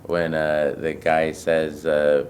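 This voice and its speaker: Interview guest, male, very low voice, animated storyteller, faint room hum behind. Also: slow. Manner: animated storyteller who acts out quotes. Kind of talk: casual interview chat.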